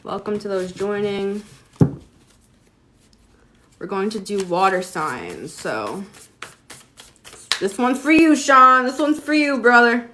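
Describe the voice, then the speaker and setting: A woman's voice: mid-range voice, animated, takes it slowly, long pauses, background noise. A woman giving a casual livestream tarot reading, chatting with viewers and using lots of "like". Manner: chatty, talks to viewers, many "like"s.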